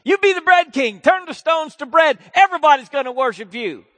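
Sly male devil, coaxing and wheedling, pitched high and pushed loud, voiced by a preacher. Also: animated, fairly quick, no echo, long reverb tail.

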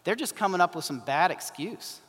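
A man's voice: high voice, expressive, moderate pace, a bit bright. A man in his thirties preaching a sermon in a conversational way, often slipping into quoted voices. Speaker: pastor. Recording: long hall reverb.

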